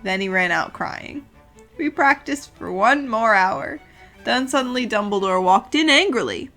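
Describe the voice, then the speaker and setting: A woman's voice: fairly high pitch, expressive, unhurried, fairly bright tone, faint music behind. A young woman reading a fan story aloud with dramatic delivery and sarcastic, exasperated asides. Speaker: host reading a fanfic aloud.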